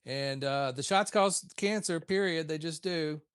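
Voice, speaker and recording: Man guesting on a casual chat, insistent and declarative, a little high-pitched, dry close sound. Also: unhurried, fairly bright tone, clean tone, no room sound.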